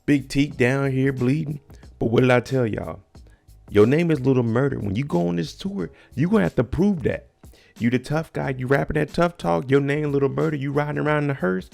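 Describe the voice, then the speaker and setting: Gravelly man recapping a TV episode. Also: a little high, normal speed, darkish tone, faint music behind. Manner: slangy, joking, talks straight to viewers. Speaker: TV recap vlogger. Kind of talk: casual show recap commentary.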